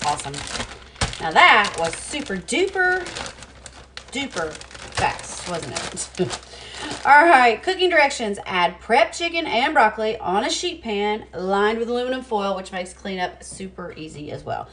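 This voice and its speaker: A woman's voice: mid-range voice, sing-song, measured pace, a bit bright, slight background noise. Chatty woman cooking at home. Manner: chatty, talks to herself while working, laughs at herself. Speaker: cooking vlogger. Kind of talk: casual cooking demo chat. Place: home kitchen.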